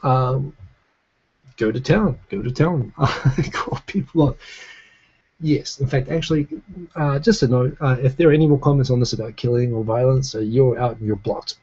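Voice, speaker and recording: A man's voice: mid-range voice, steady tone, moderate pace, darkish tone, slightly rough, dull audio. A man from New Zealand with a New Zealand accent, hosting a casual live stream, chatting and reading out viewer comments in a rambling way with many restarts. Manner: rambling, frequent restarts and fillers. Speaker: live stream talk show host. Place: home in Tokyo.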